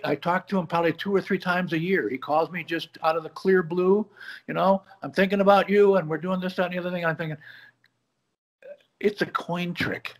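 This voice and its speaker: A man with a fairly high voice tells a story over a video call from his home office. He talks in an animated way and acts out the people he quotes. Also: a little fast. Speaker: guest, bar magician. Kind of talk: conversational storytelling.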